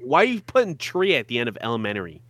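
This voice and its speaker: A man's voice: medium pitch, wildly swooping pitch, fast, fairly bright tone, no room sound. A young man with a Michigan accent co-hosting a podcast in casual chat, rambling through stories and laughing often. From Michigan, USA. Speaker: podcast co-host.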